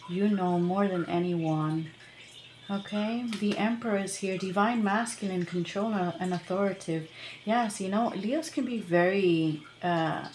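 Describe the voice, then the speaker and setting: A woman's voice: fairly low pitch, a little mellow, reverberant, a little hiss or hum. A woman tarot reader talking casually to her viewers, rambling and chatty, with many fillers and laughs. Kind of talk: casual tarot reading to camera.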